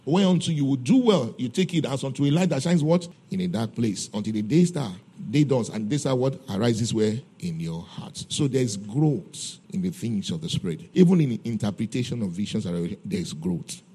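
A man preaching a sermon, posing questions for the congregation to finish and swinging between quiet and emphatic delivery. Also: medium pitch, animated, normal speed, few pauses, breathy edge. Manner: call-and-response questions to the congregation. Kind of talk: sermon teaching on tongues and prophecy.

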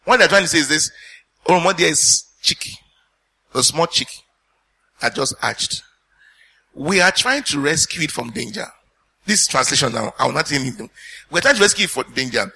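A male pastor teaches through his sermon, his voice husky and pitched a little high. He sounds bright and tense as he puts questions to his listeners. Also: animated, normal speed, long pauses. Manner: earnest teaching preacher, addresses congregation with questions.

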